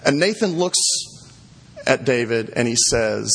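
Husky man preaching in a reverberant hall. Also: mid-range voice, normal speed, fairly bright tone. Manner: casual storytelling with fillers and restarts. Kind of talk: sermon retelling and scripture reading.

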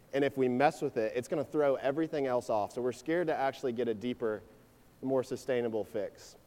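A man in his twenties giving a sermon, telling a personal story in a conversational, energetic way before moving into his teaching. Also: mid-range voice. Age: 20s. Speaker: preacher. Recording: long reverb of a large hall.

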